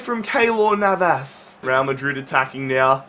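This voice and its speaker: A young man commentating his own football video game match, calm when explaining, then shouting at big chances. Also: high voice, moderate pace. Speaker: gaming YouTuber.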